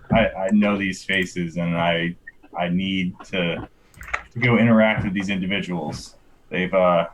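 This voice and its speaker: Player guy in character, really deep voice, slow and solemn, bit of noise behind. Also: rough recording. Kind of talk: in-character role-play.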